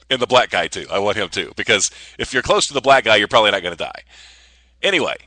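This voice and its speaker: A man's voice: fairly low pitch, lively intonation, a little fast, bright, forceful tone, no echo. A man hosting a casual solo podcast, rambling and joking with frequent stammers and restarts. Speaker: podcast host.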